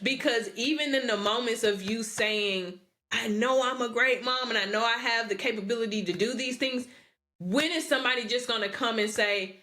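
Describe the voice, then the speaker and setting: A woman's voice: fairly high pitch, normal speed, bright, forceful tone. A woman in her thirties, a podcast co-host, chatting casually and telling candid stories, often laughing and acting out quotes. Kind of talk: casual chat.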